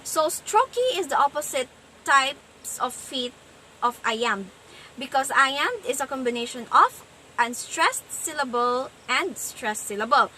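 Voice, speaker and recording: A woman giving a class presentation, explaining things slowly and sounding out rhythms. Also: high voice, bright, forceful tone, slight background noise, poor audio. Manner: slow, explanatory, sounds out stress patterns. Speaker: student presenter.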